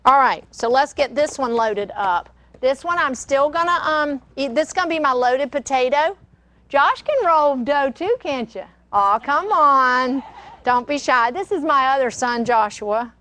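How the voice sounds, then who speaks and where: A woman's voice: sits high, animated, normal speed, fairly bright tone. An older woman, hosting a casual cooking demonstration and chatting in a rambling, storytelling way. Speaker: cooking show host. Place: kitchen studio.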